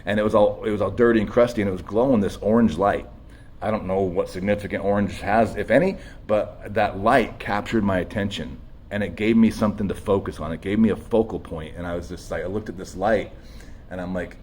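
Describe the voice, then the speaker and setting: A man sharing a raw personal testimony in a halting, emotional way, full of restarts and blunt swearing, shaky as he tells it. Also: lowish voice, a little mellow. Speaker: speaker sharing his story.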